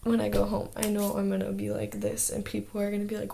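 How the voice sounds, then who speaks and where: A woman's voice: medium pitch, completely flat delivery, brisk, creaky, dark tone, slight background noise. A teenage girl talking in a casual video diary as an exchange student, chatty and full of "like" fillers.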